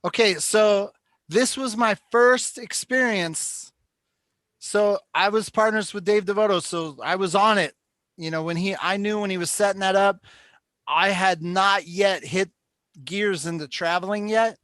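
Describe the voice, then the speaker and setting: High-voiced chatty man hosting a show. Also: unhurried, fairly bright tone, no room sound. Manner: chatty, rambling storyteller. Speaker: host of a call-in show. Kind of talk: casual chat.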